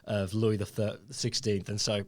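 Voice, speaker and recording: A man co-hosting a casual podcast, telling history in an animated way with frequent stumbling restarts. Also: on the low side, normal speed, no room sound. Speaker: podcast co-host. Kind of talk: casual podcast chat, reading a historical essay aloud.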